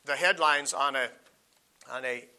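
Bright-voiced preacher man, halting and emphatic. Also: mid-range voice. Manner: halting, with many fillers and restarts, repeats key points for emphasis. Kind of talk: sermon.

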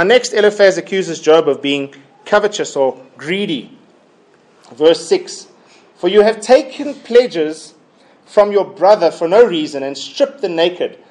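A man preaching a Bible sermon in a deliberate, emphatic way, often repeating his key phrases. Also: medium pitch.

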